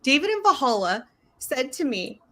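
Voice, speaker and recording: A woman from California chats on a casual livestream, telling stories with plenty of laughter. Her voice sits on the higher side, and her delivery is lively and animated. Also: moderate pace. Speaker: co-host.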